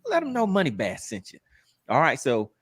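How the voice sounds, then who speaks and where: A man's voice: medium pitch, wildly swooping pitch, moderate pace, a bit bright, slightly rough, dry recording, studio quality. A man hosting a fishing live stream, chatting casually, teasing his guest and laughing a lot.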